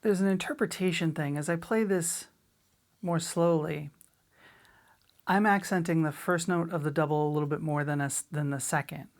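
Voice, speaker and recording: A middle-aged woman teaching a drum lesson in a relaxed, chatty way, sometimes scatting rhythms aloud. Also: sits low, normal speed. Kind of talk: casual spoken lesson.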